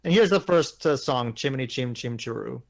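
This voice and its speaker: A man's voice: mid-range voice, lively intonation, normal speed, vocal fry. A man hosting a casual group movie commentary, rambling and steering the others through the film. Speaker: commentary host.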